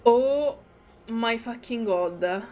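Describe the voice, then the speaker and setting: A woman's voice: a little high, drawn-out words, warm tone, slight background noise. A woman streaming a game who reads its dialogue aloud and reacts with emotion and frequent swearing. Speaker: gaming streamer.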